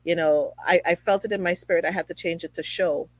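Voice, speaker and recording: A woman's voice: lowish voice, steady tone, a little fast, no room sound, low-quality recording. A woman hosting a conversational interview show from her apartment, chatty and rambling, with many fillers. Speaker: show host. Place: home apartment.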